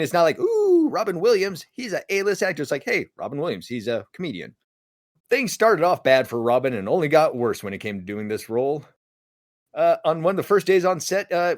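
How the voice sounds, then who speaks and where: A man's voice: fairly high pitch, dry recording, studio quality. A man co-hosting a casual podcast, telling a story and acting out the voices of the people he quotes. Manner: animated, acts out quoted voices. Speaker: podcast co-host.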